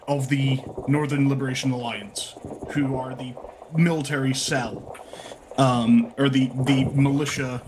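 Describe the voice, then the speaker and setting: A man in the game master's seat talks his players through a story recap in a loose, rambling way, often backing up to fix what he just said. His voice sits at an ordinary middle pitch. He comes through a headset over voice chat, with clear noise under the sound. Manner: rambling, self-correcting explanation. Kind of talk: out-of-character mission recap.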